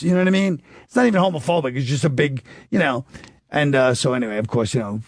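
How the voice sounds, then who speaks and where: Rambling American comedian, dry close mic. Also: male voice, mid-range voice, fast talker, no room sound. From United States. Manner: rambling storytelling with laughs and restarts. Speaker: comedian guest. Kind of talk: casual comedy podcast chat.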